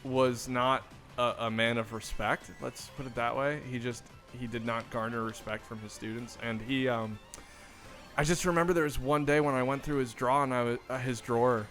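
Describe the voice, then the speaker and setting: Guy with a bright voice rambling through a story, sarcastic jokes, faint music behind. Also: medium pitch, fairly even intonation, normal speed. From northern US. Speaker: podcast co-host. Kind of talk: casual chat.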